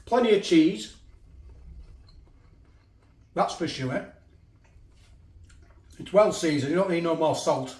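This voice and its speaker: A man's voice: fairly high pitch, expressive, slow, pauses often, a little mellow. A middle-aged man reviewing food in a casual vlog, rambling and repeating himself, sometimes talking with his mouth full. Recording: echoey room.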